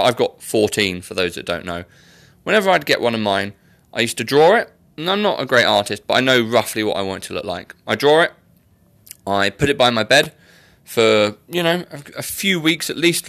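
A man's voice: medium pitch, creaky, a bit bright, dry recording. A young man hosting a casual solo podcast, chatty and rambling with self-mocking asides. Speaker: podcast host.

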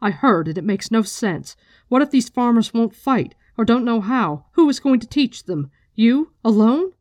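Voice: mid-range voice, sing-song, moderate pace, a little mellow, no echo, pitched above the performer's own voice, natural voice. A reader voicing a fierce, impatient young noblewoman who presses questions and brushes off objections. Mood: challenging.

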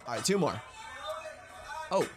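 A young man co-hosting a podcast, telling stories in a profane, excitable way while reacting to videos. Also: mid-range voice, unhurried, music in the background. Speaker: podcast co-host. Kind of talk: casual chat reacting to videos.

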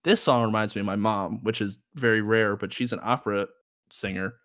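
A man's voice: lowish voice, fairly even intonation, brisk, a bit bright, no room sound, studio quality. A young man co-hosting a podcast in casual chat, rambling and laughing often. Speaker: podcast co-host.

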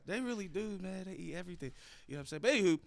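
A young adult man hosting a podcast interview, talking casually and telling lively stories. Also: high voice, rapid-fire, vocal fry, dry recording. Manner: animated storytelling, acts out quoted voices. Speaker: podcast host.

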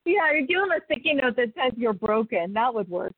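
A woman's voice: sits high, big pitch swings, brisk, no room sound. A woman guest coach in an interview, giving advice with frequent laughs and acting out sample questions. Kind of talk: interview conversation. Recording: tinny phone-like call audio, dry.

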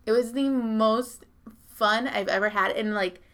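A woman with a bright, edgy voice and a gravelly fry at the ends of her phrases tells a long, meandering story in casual chat. She leans on fillers and swears freely. When she quotes people, she leaps up into high, loud voices. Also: a little slow. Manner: rambling, profane, heavy filler words.

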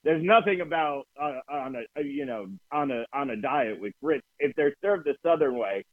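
Man, fairly high voice, animated storyteller, dry tinny lo-fi sound. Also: normal speed, no echo. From New Jersey. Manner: animated storytelling, swears freely. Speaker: podcast co-host. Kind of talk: casual chat.

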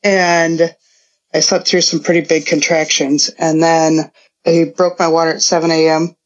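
A woman's voice: low voice, level tone, unhurried, dull audio. Middle-aged woman, chatty laughing storyteller. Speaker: podcast guest, mother of a co-host. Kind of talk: casual chat, storytelling.

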